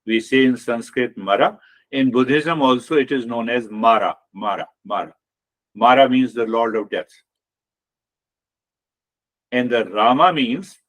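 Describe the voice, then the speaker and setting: A man giving a spiritual talk on meditation as a teacher, explaining in an unhurried way and repeating key phrases. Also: medium pitch, fairly bright tone.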